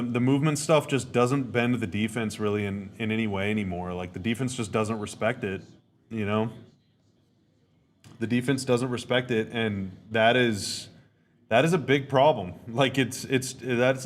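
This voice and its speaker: A man on his podcast, speaking at normal speed in a mid-range voice, offers loose live reactions to a game. His talk wanders and repeats, and his opinions come out blunt.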